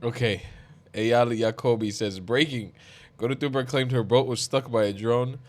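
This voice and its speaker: A man's voice: mid-range voice, fairly even intonation, normal speed. A young adult man hosting a reaction commentary, talking bluntly and mockingly, with frequent swearing. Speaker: commentary host.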